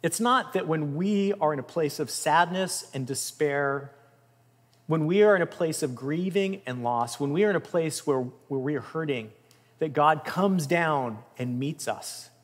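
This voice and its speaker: A man's voice: on the high side, measured pace. Earnest man preaching in a reverberant hall. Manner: earnest, emphatic, with swells of intensity and soft drops. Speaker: pastor. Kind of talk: sermon. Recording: long reverb of a large room.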